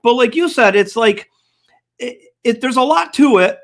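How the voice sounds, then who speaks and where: Older guy cohosting a sports chat, really high voice, rambles through stories. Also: expressive, normal speed. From United States. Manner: storytelling, acts out quoted dialogue. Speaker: podcast co-host. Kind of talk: casual chat.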